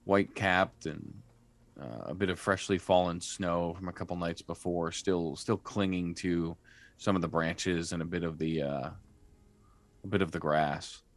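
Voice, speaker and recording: A man's voice: low voice, steady tone, measured pace, dry recording. A man narrating a tabletop game as game master, describing scenes with frequent fillers and restarts. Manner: descriptive, hesitant with many fillers.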